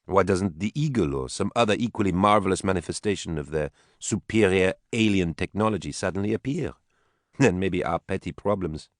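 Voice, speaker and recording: A man's voice: low-pitched, a little fast, no room sound, studio quality, lightly acted. A man voicing an earnest questioning colonist wife.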